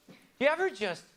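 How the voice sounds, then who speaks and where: A man performing a theatrical comic monologue, swinging between loud outbursts and hushed asides in a mock-grand, philosophical manner. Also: very high-pitched. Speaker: stage performer.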